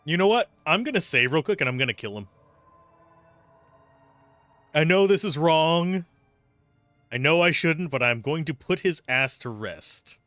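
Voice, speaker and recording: A man's voice: on the high side, expressive, a little slow, long pauses, fairly bright tone, dry recording, faint music behind. A man giving casual, wry commentary while playing a game. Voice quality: chatty, wry, self-amused. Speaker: game streamer.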